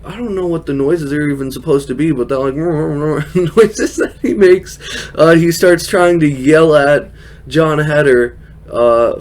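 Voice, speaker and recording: A man talks through a casual show recap in a chatty, loose way. He laughs often and drops plenty of fillers as he goes, at an ordinary mid pitch. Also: darkish tone. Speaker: wrestling recap host.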